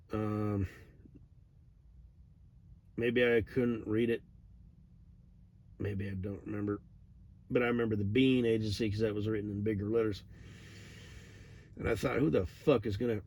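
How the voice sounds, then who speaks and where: A middle-aged man telling a rambling, digressive story in a profane, deadpan way. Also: on the low side. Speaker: vlogger. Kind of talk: rambling monologue.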